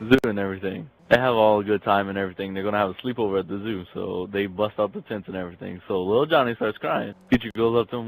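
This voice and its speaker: A man's voice: fairly low pitch, fairly even intonation, fast talker, hardly any pauses, rough recording. A young man casually telling crude jokes, rambling and laughing at his own punchlines. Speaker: joke teller.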